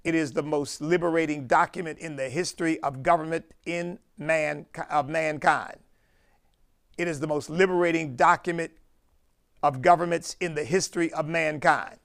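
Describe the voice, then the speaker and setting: A preacher man from the United States delivers a sermon, his voice gravelly with fry. He leans hard on key words and stretches them out for emphasis. His voice sits a bit high for a man. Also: fairly even intonation, normal speed. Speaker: pastor.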